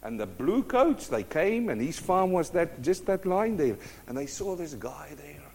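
Brief: a male preacher with a fairly high voice delivering a lively storytelling sermon. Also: a little slow, creaky, husky.

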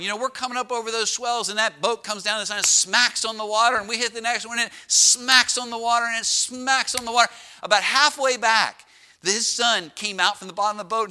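A high-pitched man with a piercing, bright voice delivers a sermon as the pastor. He tells stories with animated pacing, stretching words and then dropping to a hushed tone for emphasis. He sounds middle-aged. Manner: animated storytelling with dramatic slowdowns and drops to a hush.

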